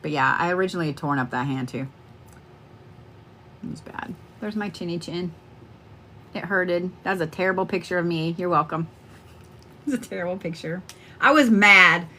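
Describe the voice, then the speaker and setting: A middle-aged woman running a psychic card-reading live stream talks casually and ramblingly to viewers, swearing often. Her lowish voice is bright and forceful at a moderate pace with long pauses, over a slight hiss or hum.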